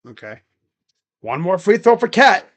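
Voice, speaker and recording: A man's voice: sits high, big pitch swings, a little slow, a bit bright. A man giving casual live play-by-play and reaction commentary on a basketball game, rambling and saying "like" a lot. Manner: casual, rambling, heavy use of "like".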